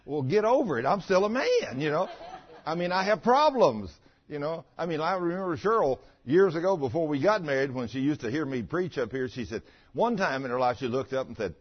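An older man preaching a sermon in a folksy, animated way, telling a personal story and laughing along the way. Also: on the high side, fairly quick, husky. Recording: dull lo-fi sound.

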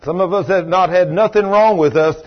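A man preaching a sermon as pastor, telling stories and swinging from loud exclamations to hushed, low passages. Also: brisk, lo-fi sound.

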